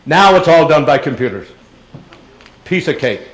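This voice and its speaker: A man's voice: fairly high pitch, lively intonation, moderate pace, background noise. An older man with a slightly raised voice answers questions from an audience. His talk is loose and rambling, full of small restarts, and it turns playful and theatrical now and then. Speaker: guest speaker. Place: auditorium.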